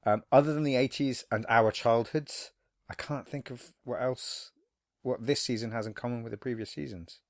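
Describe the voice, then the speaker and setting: A man's voice: mid-range voice, fairly even intonation, normal speed, no room sound, clean studio sound. A man co-hosting a podcast in casual chat, breaking into playful impressions and silly voices. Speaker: podcast co-host.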